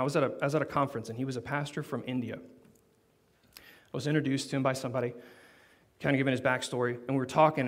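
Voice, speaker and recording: Animated preaching man, rising emphasis. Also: on the high side. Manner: animated, builds to emphatic peaks, storytelling. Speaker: pastor. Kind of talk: sermon.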